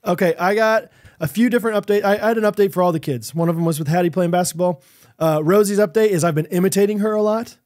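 A man in his thirties, co-hosting a podcast, chatting casually and telling animated stories with frequent laughter. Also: sits high, quick pace. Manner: laughs often, animated storytelling. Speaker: podcast co-host. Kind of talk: casual chat.

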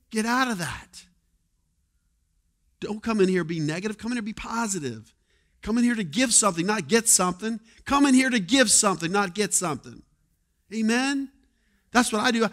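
A male pastor preaching a sermon in a conversational way, moving between quiet asides and loud exhortation. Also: sits high. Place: church sanctuary.

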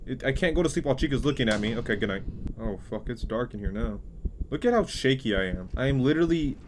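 A crude, wisecracking young man narrating his horror game run in a middle-pitched voice, jumping from loud outbursts to low mutters. A steady noise hiss sits behind his home recording. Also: quick pace. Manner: crude, joking, swings between yelling and muttering. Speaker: gaming youtuber. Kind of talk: let's play commentary.

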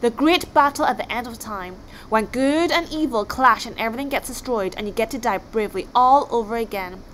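A woman voicing an unhinged, battle-hungry young male Viking, gleeful and shouting. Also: a little high, a little fast, few pauses, slight background noise, lightly acted, rough recording.

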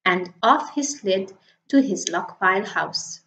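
A woman reading a children's picture book aloud in an expressive, unhurried way. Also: mid-range voice. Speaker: storybook reader. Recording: echoey dull lo-fi room.

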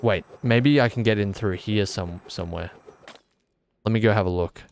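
A man's voice: fairly low pitch, moderate pace, darkish tone, a little hiss or hum. A young man streaming a game, rambling and joking as he answers his chat. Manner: rambling, jokey, talks back to chat. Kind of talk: casual gaming stream commentary.

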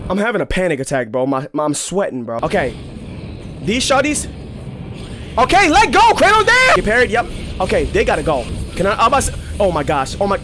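A young man commentating his own gameplay, excitable and profane, trash-talking enemies and shouting at the screen. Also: fairly high pitch, fast. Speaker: gaming channel host. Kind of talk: let's play commentary. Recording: game music clearly behind the voice.

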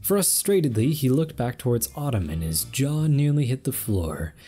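A man reading fan fiction aloud in steady narration. His voice is mellow and dark, at an ordinary pitch. Faint music plays beneath. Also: normal speed. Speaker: story reader.

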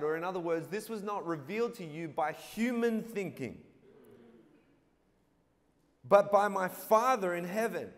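A man's voice: sits high, moderate pace. A man preaching a sermon as a guest pastor, playful and drawing call-and-response from the congregation. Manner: playful, gets the crowd to call back. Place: church auditorium. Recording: long reverb of a large hall.

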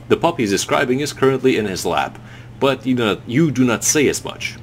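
A man co-hosting a gameplay chat, playful and animated, reading story text aloud. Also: mid-range voice, brisk, a little hiss or hum. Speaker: co-host.

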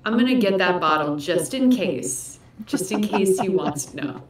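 A woman's voice: on the low side, lively intonation, moderate pace, reverberant, recorded from a distance, a crowd in the background. A woman playing a tabletop game, bubbly and joking with the group. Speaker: player. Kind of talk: casual tabletop game chat.

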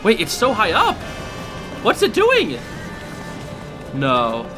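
A man's voice: sits high, wildly swooping pitch, slow. A young man giving casual live commentary while playing a video game, yelping and laughing under pressure and saying dude and bro. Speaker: gaming channel host. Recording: game music behind voice. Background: game music.

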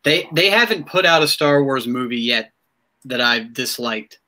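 A man hosting a podcast in casual chat, excitable and rambling, with many restarts. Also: medium pitch, moderate pace. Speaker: podcast host.

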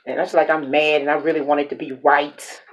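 A woman chats casually as she cooks at home, her voice sitting low. She talks herself through each step and laughs at her own slips. A faint hiss of noise sits under the camera mic. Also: little pitch movement, a little fast. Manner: chatty, self-talking, laughs at her own mistakes. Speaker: mukbang cooking vlogger. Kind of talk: casual cooking chat to camera. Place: home kitchen with grill.

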